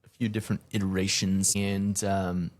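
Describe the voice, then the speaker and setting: A man hosting his own podcast, talking through a casual solo monologue with an energetic, conversational manner. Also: low voice, moderate pace. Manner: energetic, conversational, hype greetings. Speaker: podcast host.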